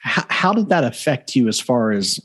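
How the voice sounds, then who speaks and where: A man hosting a podcast, giving a halting, filler-heavy introduction and then an energetic, upbeat interview. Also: mid-range voice. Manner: loud, upbeat greeting after a quieter, halting intro. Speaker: podcast host.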